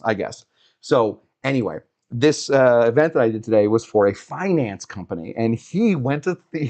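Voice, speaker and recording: A middle-aged man hosting a live cocktail show from a hotel room, rambling and reflective as he talks, with frequent fillers and chuckles. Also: medium pitch. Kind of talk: casual live-stream monologue.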